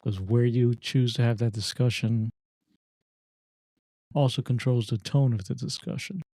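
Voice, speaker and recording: A man co-hosting a talk podcast, speaking in a slow, measured way. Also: medium pitch, fairly even intonation, dark tone, no echo. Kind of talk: casual discussion.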